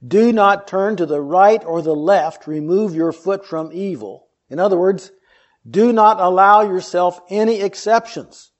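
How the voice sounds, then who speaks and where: A man's voice: high voice, darkish tone, dull audio. A man preaching an earnest sermon, reading scripture and explaining it with rhetorical questions.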